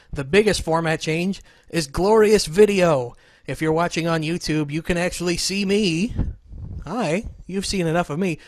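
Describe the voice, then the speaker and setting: A man's voice: fairly high pitch, no echo, studio quality. A man hosting his podcast in a casual, joking, rambling, self-deprecating chat with a remote co-host. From Southern Illinois. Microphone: remote call setup.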